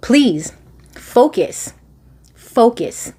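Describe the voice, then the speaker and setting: A woman voicing an exasperated middle-aged father who is a cop, shouting in disbelief. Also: a little high, big pitch swings, extremely slow, slightly rough, voice pushed up, exaggerated voice.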